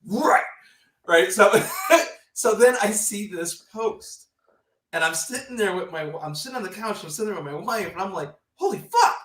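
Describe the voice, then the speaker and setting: Golf stream host dude, swears a lot, acts out quotes, sounds far off in an echoey room. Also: male voice, sits high, normal speed. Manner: animated storyteller, swears freely, acts out quotes. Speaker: podcast host. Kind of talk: casual golf chat. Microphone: remote stream mic.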